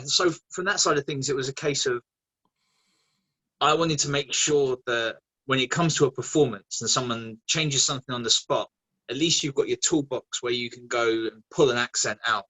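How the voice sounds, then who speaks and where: A man, a guest actor chatting casually in an interview, animated and quick to laugh. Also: mid-range voice, slightly rough, rough recording. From England. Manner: animated, laughing, many restarts.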